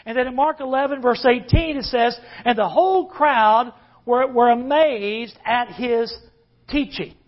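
A man's voice: extremely high pitch, a little slow, highs cut off. A man preaching a sermon as pastor, emphatic and leading the congregation in call-and-response.

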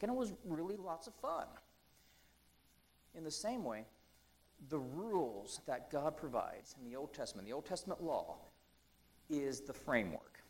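A man delivers a relaxed, conversational sermon in a slightly higher-than-usual voice, with plenty of ums and asides. He slows down when he reads scripture aloud. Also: rough recording. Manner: casual and chatty, with frequent ums and asides. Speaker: preacher.

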